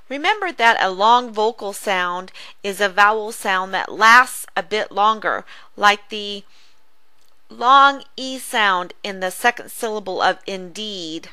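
A woman tutor giving a phonics lesson, speaking slowly and over-enunciating each sound for young readers. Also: medium pitch, sharp tone, clear, resonant tone, no room sound. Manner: slow, careful, over-enunciated teaching. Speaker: reading tutor.

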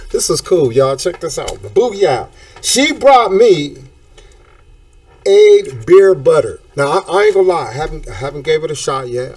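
Male talk show host, casual, slangy, animated, hype catchphrases, mic a bit far off. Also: on the high side.

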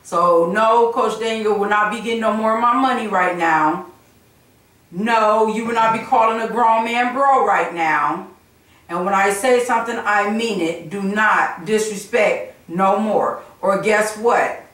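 A woman's voice: mid-range voice, unhurried, a bit bright. A woman playing a mother who firmly scolds her son, repeating herself in a preachy way. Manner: firm, preachy, repeats phrases. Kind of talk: prank skit, casual scolding. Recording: echoey room from far off.

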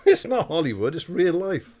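Middle-aged podcast co-host, blunt and sweary, animated delivery. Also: male voice, on the high side, unhurried. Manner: blunt, sweary, lots of laughing asides. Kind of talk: casual chat.

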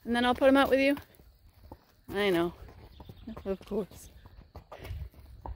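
A woman who runs a horse rescue farm, filming a casual vlog outdoors on a handheld camera and chatting while she coaxes her horses in a high sing-song voice. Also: takes it slowly.

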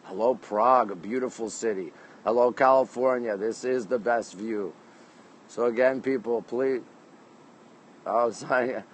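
A man's voice: medium pitch, a little slow, a little hiss or hum, poor audio. A man from Canada hosting a casual livestream on a city rooftop at night, greeting viewers by place name and reading their comments aloud into his phone. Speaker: livestream host.

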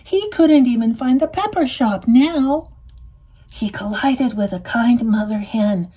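Slow, soft-toned woman reading a story. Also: a little high, husky. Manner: animated character voices. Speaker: storybook reader. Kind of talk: read-aloud storytelling.

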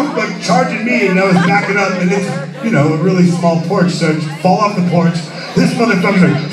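A man telling a profane, animated comedic story on stage at a live music venue, often laughing mid-line. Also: high voice, brisk, few pauses, crowd noise. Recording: roomy live venue, far from mic.

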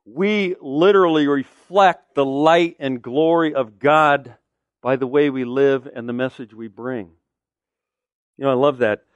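A man's voice: mid-range voice, a little slow, dry recording, lo-fi sound. Man preaching, emphatic, dry sound. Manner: emphatic preaching with rhetorical questions. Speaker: pastor. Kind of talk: sermon.

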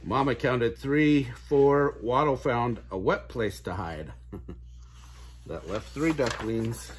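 An older man hosting a children's read-aloud, reading a picture book gently and chuckling along. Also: mid-range voice, takes it slowly, slight background noise.

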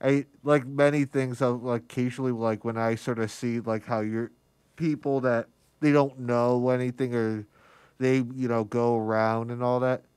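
Rambling radio host man, smooth voice. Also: mid-range voice, steady tone, darkish tone, dry recording. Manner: rambling, halting, joking. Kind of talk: casual interview chat. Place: radio studio.

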